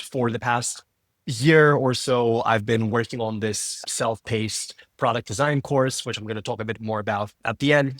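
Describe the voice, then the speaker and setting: A man's voice: mid-range voice, dry recording, clean studio sound. A man from Greece with a mixed Greek, American and British accent, chatting casually as a podcast guest. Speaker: guest, design leader. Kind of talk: casual interview chat.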